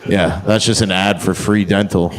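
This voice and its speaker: A man's voice: low-pitched, fairly even intonation, moderate pace, heavy background noise. Brash, crude male stand-up comic. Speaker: stand-up comedian. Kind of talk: stand-up set. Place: comedy club stage.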